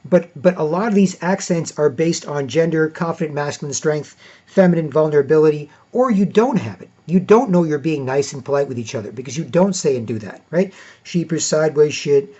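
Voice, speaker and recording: A man's voice: a little high, animated, a little fast, warm tone. A man talking in a casual monologue as a podcast host, rambling and padding his points with "you know" and "right". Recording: dull lo-fi recording.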